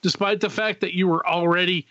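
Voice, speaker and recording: A man co-hosting a podcast, cutting in with quick questions and joking remarks during casual chat. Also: high voice, steady tone, fairly bright tone, no echo. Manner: jokey interjections. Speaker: podcast co-host. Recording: slightly muffled dry podcast recording.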